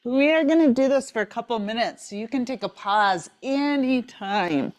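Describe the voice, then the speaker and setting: A woman teaching a yoga class while moving along with it, out of breath, encouraging and relaxed, often repeating "right?" and "maybe you're here.". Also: on the high side, normal speed. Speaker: yoga instructor. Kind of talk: guided yoga class instruction.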